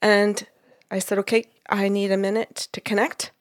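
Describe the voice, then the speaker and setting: A woman, a psychic medium, telling a story in casual conversation, animated and laughing often. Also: medium pitch, normal speed, no echo, studio quality. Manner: animated, laughs often, quotes others in dialogue. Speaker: psychic medium, podcast co-host.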